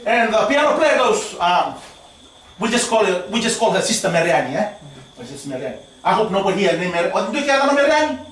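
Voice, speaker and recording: A male preacher giving an animated sermon, often calling out "amen?" and mixing in words of a local language. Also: high-pitched, fast talker. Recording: echoey hall, from far off, faint ambience.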